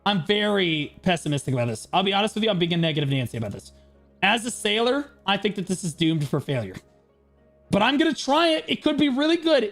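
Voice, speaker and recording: A male game streamer giving frustrated, profane commentary on a live stream. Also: high-pitched.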